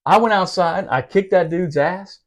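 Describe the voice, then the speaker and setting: Profane Marine vet telling stories. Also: male voice, high voice, moderate pace. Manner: profane, laughing, animated. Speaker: podcast storyteller, former Marine. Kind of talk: casual storytelling.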